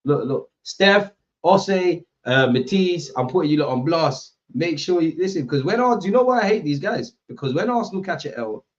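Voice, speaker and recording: A man's voice: a little high, a little fast, few pauses, muffled recording. A young man hosting a football watchalong, chatting casually and animatedly with slang to his live viewers. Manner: animated, slangy, banter with chat.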